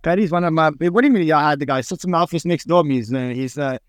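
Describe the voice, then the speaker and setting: A man's voice: fairly high pitch, rapid-fire, no room sound. A man with a South African accent, a co-host on a live audio panel, explaining at length and running through lists of figures. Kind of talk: casual panel talk.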